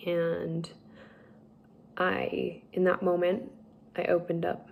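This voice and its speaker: A young woman slowly telling a personal story, halting and emotional at times. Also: fairly low pitch, completely flat delivery, vocal fry, a little mellow, a little hiss or hum. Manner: slow, halting, tearful at times. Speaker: speaker sharing a personal story.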